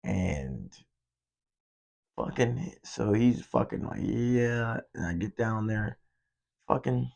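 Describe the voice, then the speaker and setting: A man's voice: lowish voice, big pitch swings, slow, creaky, pauses often, a little mellow, breathy edge. A young man hosting a podcast, telling a rambling, profane story in a casual monologue. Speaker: podcast host.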